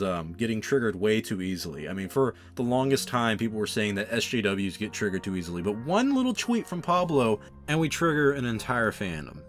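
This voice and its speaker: Young man ranting on his channel. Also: mid-range voice. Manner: exasperated, ranting, with sarcastic asides. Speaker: channel host. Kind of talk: opinion commentary vlog.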